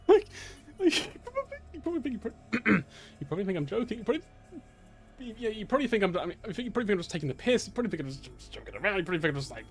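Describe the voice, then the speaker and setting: A man's voice: sits high, big pitch swings, rapid-fire. A young man streaming a game, rambling and stammering through fits of laughter. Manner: giddy, rambling, stammering, keeps laughing and repeating himself. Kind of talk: live gameplay commentary. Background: faint game music.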